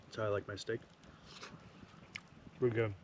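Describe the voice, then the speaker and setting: A man vlogs a solo camping trip by a fire at a forest campsite, talking easygoingly to the camera as he cooks and camps, sometimes murmuring softly. His voice is fairly low with a level tone and moderate pace, and outdoor noise sounds in the background.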